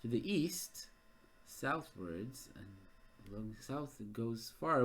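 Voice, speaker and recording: A man runs a gamebook live, thinking out loud as he maps the route. His voice swings widely in pitch around a middle register, and he gets excitable. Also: takes it slowly. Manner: thinks aloud, excitable and animated. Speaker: game master. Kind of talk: live-streamed gamebook narration.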